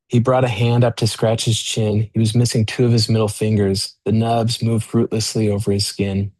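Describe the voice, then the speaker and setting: A man, an author, reading his own novel aloud in a measured way, then talking freely with many fillers and restarts. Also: fairly low pitch, little pitch movement, a little mellow, no room sound.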